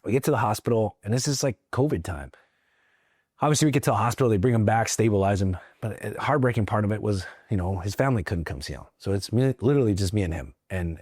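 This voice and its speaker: A man from Mexico, a veteran guest in an interview, telling a personal story earnestly, with halting restarts and acted-out quotes. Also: lowish voice, darkish tone, no room sound, clean studio sound. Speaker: guest, veteran and federal agent.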